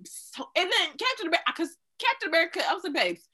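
A woman's voice: very high voice, very animated, racing, bright, forceful tone, rough recording. A woman co-hosting a podcast, chatting casually in a playful, slangy way. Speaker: podcast co-host. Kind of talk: casual chat.

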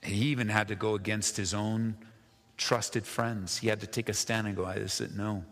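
A man's voice: fairly low pitch, fairly even intonation, normal speed, fairly bright tone, big-room sound. A male pastor preaching a sermon, reading scripture and rising to emphatic, impassioned peaks.

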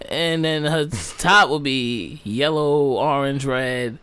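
A man's voice: medium pitch, takes it slowly, fairly bright tone, smooth. A young man co-hosting a podcast, brash, profane and teasing in casual chat. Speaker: podcast co-host.

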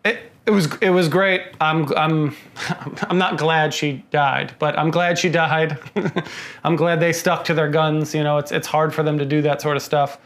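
A man's voice: a little high, flat delivery, unhurried, fairly bright tone. Stammering exasperated podcast man. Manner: stammering restarts, exasperated complaining. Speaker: podcast co-host. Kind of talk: casual film review chat.

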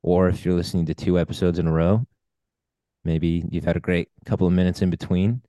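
Male podcast co-host, low-ish voice, dry close sound, upbeat explainer. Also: level tone, fairly quick, warm tone, dry recording. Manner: upbeat, explains definitions at length. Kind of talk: casual conversational podcast.

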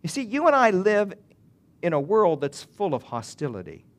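A man's voice: sits high, wildly swooping pitch, normal speed. A male pastor preaching a sermon in an earnest way, building to emphatic swells and often restarting his phrases.

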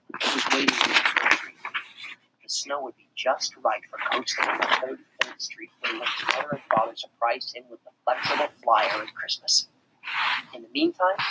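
Animated storybook narrator. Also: medium pitch, creaky, heavy background noise. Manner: animated, dropping to whispers for narration. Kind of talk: expressive read-aloud narration.

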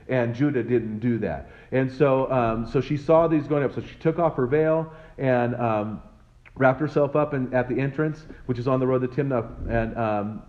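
A man leads a loose, conversational Bible teaching, paraphrasing scripture and acting out the quoted lines as he goes. His pitch sits in an ordinary middle range. The recording is slightly dull and lo-fi. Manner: conversational, retells scripture with quoted voices and asides; frequent fillers and restarts.

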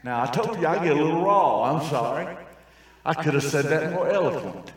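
Older male preacher, raw folksy delivery, highish voice, booming church echo. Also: lively intonation, brisk, a faint crowd. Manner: raw, folksy preaching that swings from quiet asides to shouting. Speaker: traveling preacher. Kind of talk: sermon. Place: large church hall. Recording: very echoey church sanctuary, distant mic.

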